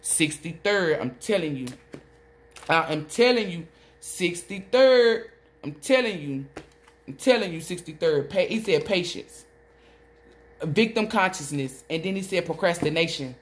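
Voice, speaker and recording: Excitable, foul-mouthed woman tarot reader. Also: on the low side, measured pace. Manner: excited, profane, rambling, relays spirit messages; swoops between loud outbursts and muttering. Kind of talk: solo tarot reading video.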